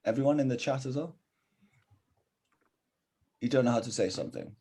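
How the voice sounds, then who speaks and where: Male online Mandarin tutor, husky, encouraging, bilingual English and Mandarin. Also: mid-range voice, moderate pace, dark tone. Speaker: Chinese teacher. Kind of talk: live online language lesson.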